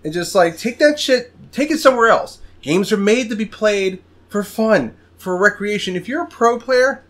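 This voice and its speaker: Lively high-pitched man ranting. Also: moderate pace. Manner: animated, swears a lot, rants. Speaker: podcast host. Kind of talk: casual gaming podcast chat.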